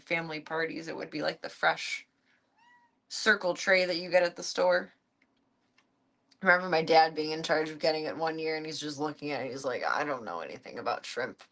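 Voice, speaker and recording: At home with her cats and dogs, a woman live streamer chats casually and addresses her pets with amused bafflement. Her voice is fairly low in pitch but fairly bright in tone.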